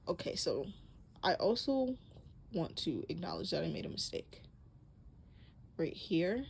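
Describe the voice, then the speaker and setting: This crochet tutorial host, a young woman, speaks unhurriedly in a low, creaky voice and pauses often. Chatty and relaxed, she corrects herself with little laughs, breathing hard into a close mic amid poor audio and slight background noise.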